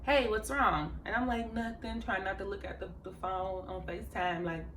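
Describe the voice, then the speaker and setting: A woman's voice: medium pitch, steady tone, normal speed, fairly bright tone, reverberant, a little hiss or hum. A woman vlogging, casually telling a story to camera with laughs and quoted asides. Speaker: life coach and vlogger.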